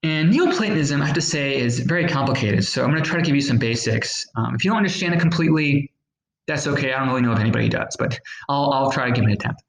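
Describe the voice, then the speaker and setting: A man's voice: mid-range voice, fast, vocal fry, echoey room, low-quality recording. A man teaching a recorded history lesson, explaining patiently with fillers and acting out little examples.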